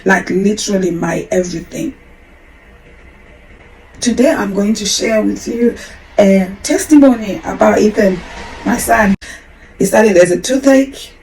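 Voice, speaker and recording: Woman in her forties, podcast host, gravelly fry, candid rambling personal story time. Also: mid-range voice, measured pace, pauses often, a little mellow, a little hiss or hum, low-quality recording. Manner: candid, emotional, rambling with restarts.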